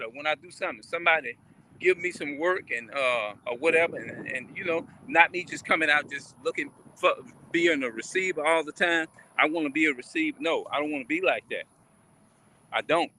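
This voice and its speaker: A man with a high, bright voice holds forth on a live stream. He rambles, repeats himself and keeps turning questions back on his listeners, with faint street noise in the background. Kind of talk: casual live-stream talk. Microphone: phone or webcam on a live stream.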